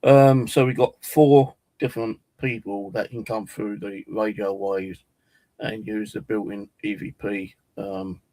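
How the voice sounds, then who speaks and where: A man casually demonstrating ghost apps, rambling and hesitant with many pauses. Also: lowish voice, steady tone, warm tone, no echo, poor audio. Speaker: paranormal vlogger.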